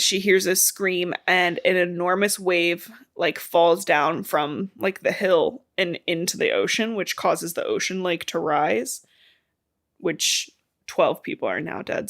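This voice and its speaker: A woman's voice: on the low side, a little slow, a bit bright. Young woman co-host with a slight lisp; loose, rambling recap delivery with casual swearing. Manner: rambling, swears casually, acts out quoted lines. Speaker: podcast co-host. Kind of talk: casual book recap chat.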